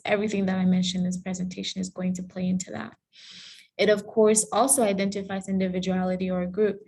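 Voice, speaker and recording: A woman's voice: medium pitch, a little mellow. Woman from Cameroon giving a lecture. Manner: friendly explanatory tone, with some fillers and self-corrections. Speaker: guest lecturer. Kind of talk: online presentation with Q&A. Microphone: video call.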